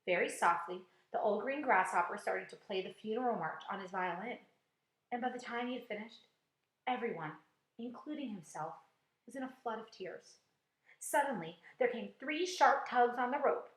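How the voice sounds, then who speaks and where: A woman, a teacher, reading a storybook aloud in an expressive, dramatic way with hushed quiet passages. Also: fairly high pitch, moderate pace. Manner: expressive, dramatic, drops to a hush for quiet scenes. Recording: echoey room.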